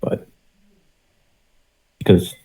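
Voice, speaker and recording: A man's voice: extremely slow, dark tone, poor audio. A man on a casual panel chat, rambling and thinking aloud, repeating himself as he weighs each matchup.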